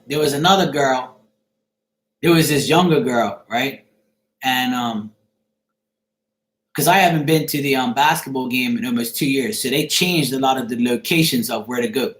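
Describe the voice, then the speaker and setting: A man's voice: mid-range voice, normal speed, pauses often, fairly bright tone, reverberant. A middle-aged man chatting casually to viewers on a live stream, rambling and checking if they follow him. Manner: rambling, repeats "you see what I'm saying".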